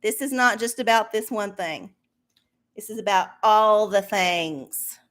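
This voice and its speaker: A woman's voice: medium pitch, measured pace, a bit bright. A woman hosting a casual livestream, ranting and swearing with a sarcastic edge. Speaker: livestream host.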